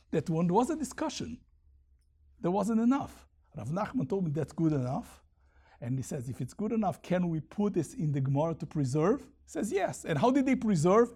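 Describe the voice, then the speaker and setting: A man teaching a Talmud lesson, reading Aramaic passages and explaining them in lively English. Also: sits high, husky.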